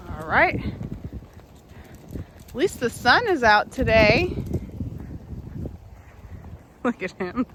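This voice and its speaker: Upbeat high-voiced young woman outdoors. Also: very animated, extremely slow, pauses often, noisy background. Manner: chatty, upbeat, laughs often. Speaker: vlogger filming a child's nature walk. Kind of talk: casual narration to viewers. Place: outdoors in a park by a pond.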